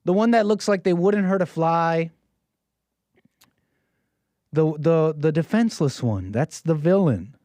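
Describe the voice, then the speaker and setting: A man's voice: on the high side, expressive, measured pace, long pauses, dark tone, no echo. An American man giving rambling, preachy solo commentary, often repeating his phrases. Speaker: streamer commentator.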